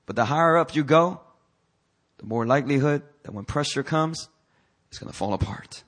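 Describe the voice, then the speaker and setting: Bright-voiced man preaching a sermon. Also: medium pitch, a little fast, pauses often. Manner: energetic preaching with frequent hallelujahs; calls on the congregation to repeat after him. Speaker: pastor. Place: church service.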